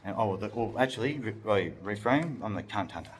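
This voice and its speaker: A man's voice: on the low side, animated, a little fast, a crowd in the background. A young Australian man rambling through a comedic vlog, crude and joking, often laughing. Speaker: vlog host.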